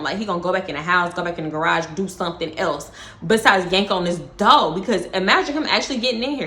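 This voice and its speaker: Woman spilling a story, cussing and dramatic, echoey room. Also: mid-range voice. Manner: animated, profane, dramatic retelling. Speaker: storytime vlogger. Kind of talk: casual storytelling.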